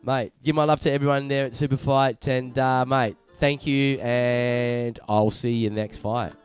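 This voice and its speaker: A man's voice: medium pitch, steady tone, unhurried, clear, resonant tone, faint music behind. A man hosting a podcast interview, chatting in a matey, rambling way with lots of swearing and fillers. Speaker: podcast host. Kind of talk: casual chat.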